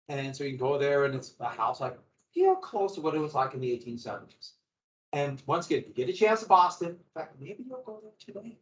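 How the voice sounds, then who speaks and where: A man teaching a history class, lecturing in an animated way with asides and acted-out quotes. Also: fairly high pitch. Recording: roomy, dull lo-fi classroom recording.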